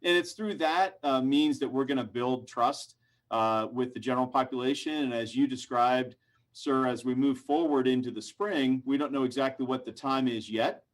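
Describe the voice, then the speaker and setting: A man with a middle-pitched voice answers a question at a briefing. He speaks hesitantly, with frequent fillers between his phrases. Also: moderate pace. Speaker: doctor on briefing panel. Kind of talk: press conference answer.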